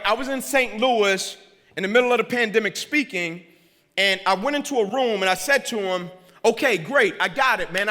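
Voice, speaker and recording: Man, motivational keynote speaker, high bright voice, preacherly, echoing in a big hall. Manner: preacherly, repeats lines for emphasis, asks "right?" of the crowd. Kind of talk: keynote speech. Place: large hall. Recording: hall reverb.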